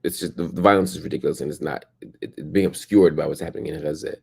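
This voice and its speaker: Very deep, gravelly, tired-sounding man. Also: fast talker. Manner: reads headlines then comments, with fillers and restarts. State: tired, exhausted. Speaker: host of a daily news update stream. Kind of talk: casual commentary on news headlines.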